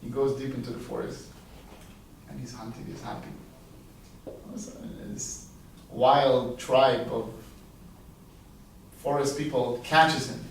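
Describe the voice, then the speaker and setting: A man, a rabbi, telling a parable as a sermon in a lively, conversational way with casual asides, heard from a distant mic in a very echoey hall. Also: mid-range voice, takes it slowly, vocal fry, long pauses, slight background noise. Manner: animated, conversational storytelling with asides. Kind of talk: storytelling sermon.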